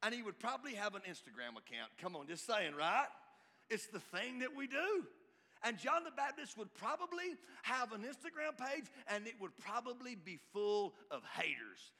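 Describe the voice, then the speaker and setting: A man preaching a sermon, emphatic and climbing to shouts at his peaks. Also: high-pitched, very animated, moderate pace. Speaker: pastor. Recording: reverberant hall.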